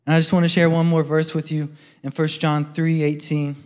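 A man's voice: a little high, level tone, a little fast, darkish tone. A man giving an earnest, exhorting church talk and quoting scripture. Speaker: mission team speaker. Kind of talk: sermon testimony. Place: church sanctuary.

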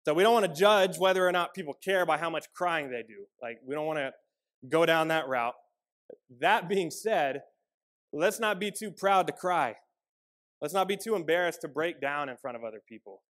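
A man delivers a sermon in an earnest, personal way, speaking with a slightly high voice. He stresses some lines loudly and drops others to a near hush. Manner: earnest, personal storytelling with shifts between loud emphasis and quiet, soft passages. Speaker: pastor.

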